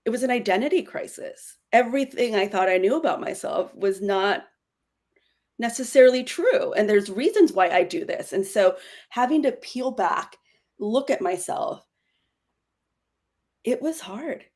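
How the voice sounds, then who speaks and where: A woman in her forties speaking earnestly as a podcast guest, with quick self-correcting bursts in candid conversation. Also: fairly high pitch, expressive, a little mellow. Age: 40s.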